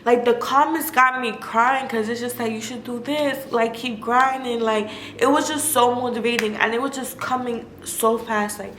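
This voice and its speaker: A woman's voice: fairly high pitch, fairly even intonation, moderate pace, hardly any pauses, fairly bright tone. A young woman vlogger telling a personal story in a candid, casual way, with lots of "like" and cursing. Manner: candid and emotional, filler-heavy, swears freely. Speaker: food vlogger. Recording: echoey room with faint noise.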